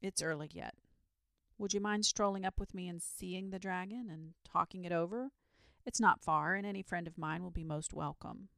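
A woman's voice: fairly low pitch, moderate pace, creaky, a bit bright, no room sound. A woman voicing an earnest young village boy who talks impatiently and pleads his case in a storybook reading. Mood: exasperated. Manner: impatient, pleading, matter-of-fact.

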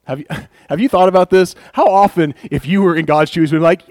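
Animated preacher, lively and dry. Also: male voice, high voice, a little fast, no echo. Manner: animated, acts out voices of complainers with laughs. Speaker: pastor. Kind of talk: conversational sermon.

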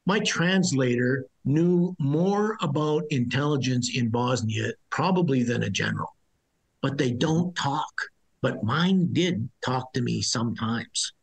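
A man's voice: medium pitch, a little slow, creaky, slightly rough, poor audio. A middle-aged man, a former soldier as interview guest, telling his story bluntly and ramblingly, with many restarts. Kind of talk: conversational storytelling.

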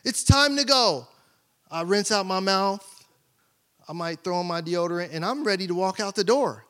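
Bright high-voiced male pastor. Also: moderate pace, clean tone. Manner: storytelling, acts out family voices. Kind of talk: sermon.

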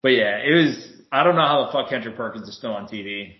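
A man co-hosting a casual sports chat, animated and swearing a lot as he retells a heated argument. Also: medium pitch, quick pace. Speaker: podcast co-host. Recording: roomy, dull lo-fi sound.

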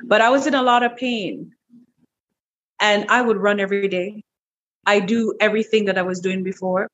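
A middle-aged woman guest in an interview, telling a personal story in a lively, animated way, repeating words as she goes. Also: moderate pace, dull audio. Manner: animated, breaks into high quoted voices, repeats words. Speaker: interview guest, wellness clinic owner.

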